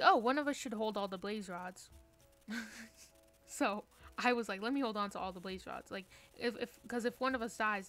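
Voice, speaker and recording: A woman's voice: on the high side, fairly bright tone. A young woman streaming a game from her room, chatting casually with playful, self-mocking trash talk. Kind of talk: casual live-stream chat while gaming.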